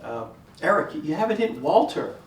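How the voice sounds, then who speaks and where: A man's voice: on the high side, very animated, normal speed, a little hiss or hum. A man doing a coaxing group therapist. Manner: soothing then overly enthusiastic. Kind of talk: community theater comedy. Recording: echoey stage from far off.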